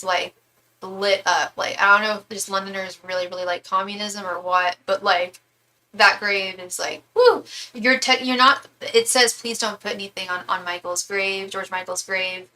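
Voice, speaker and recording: A woman's voice: medium pitch, pushed and bright, slight background noise. A young woman reading tarot on a live stream, rambling and chatty, full of fillers as she tells stories. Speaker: tarot reader and psychic medium. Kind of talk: casual live-stream chat.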